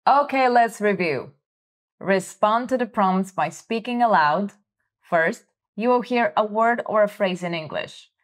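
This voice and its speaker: A woman hosting a vocabulary lesson, speaking slowly and clearly, prompting listeners to repeat words and encouraging them. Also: mid-range voice. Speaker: language teacher host. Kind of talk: slow vocabulary drill lesson.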